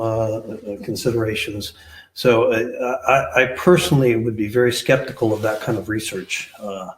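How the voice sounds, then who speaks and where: A man answering questions on a panel as a researcher, talking hesitantly with many filler sounds. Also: medium pitch. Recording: echoey room.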